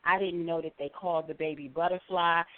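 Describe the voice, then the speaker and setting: A woman's voice: fairly low pitch, brisk. Middle-aged lady phoning in, tells her story with lots of acted-out quotes, sounds like a thin phone line. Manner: animated storyteller, acts out quoted voices. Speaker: caller. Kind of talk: call-in storytelling.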